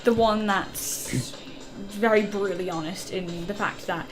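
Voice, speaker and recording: A woman's voice: medium pitch, unhurried, poor audio. A woman co-hosting a casual game playthrough, chatty and explaining with lots of "like.". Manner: chatty, uses many "like" fillers while explaining. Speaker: let's play co-host. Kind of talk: casual gameplay chat. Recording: game music playing underneath.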